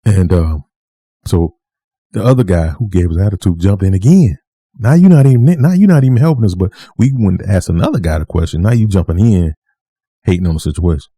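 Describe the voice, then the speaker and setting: A man tells a personal story straight to the camera in a deep, very dark and mellow voice with a husky edge. He is animated, repeats lines for emphasis and acts out the people in the story. The recording is dry and close. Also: fairly quick, no echo. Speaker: vlogger.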